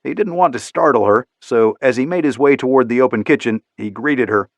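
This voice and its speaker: A man reading an audiobook in steady, measured scripted narration. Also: mid-range voice, no room sound.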